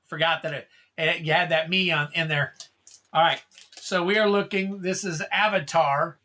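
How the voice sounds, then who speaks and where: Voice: medium pitch, fairly even intonation, bright, forceful tone. A livestream host casually commenting while opening trading cards and reading off card names one by one. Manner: reads off card names in a quick, offhand list.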